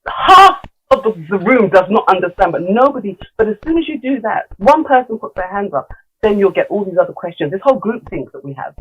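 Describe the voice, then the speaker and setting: A woman's voice: medium pitch, big pitch swings, a little fast, breathy edge, muffled recording. A middle-aged woman, a guest in a casual podcast conversation, talking candidly with many fillers and restarts. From London. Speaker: guest, leadership coach.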